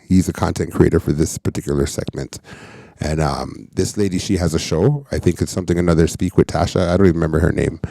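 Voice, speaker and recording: Man, reaction host, deep voice, mellow tone, blunt casual commentary. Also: creaky, dry recording, clean studio sound. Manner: blunt, animated, cursing.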